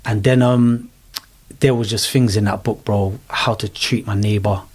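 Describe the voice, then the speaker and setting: A man's voice: lowish voice, a little slow, husky. A middle-aged man, animatedly telling his personal story as an interview guest in casual chat. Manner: animated storyteller, London slang.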